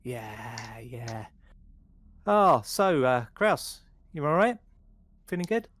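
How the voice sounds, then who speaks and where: A man's voice: mid-range voice, sing-song, slow pace, a bit bright, no room sound, exaggerated voice. A man voicing Fitz, a caring male crewmate in a sci-fi tabletop game, who checks on others in a friendly way, says "mate" and repeats himself. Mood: concerned.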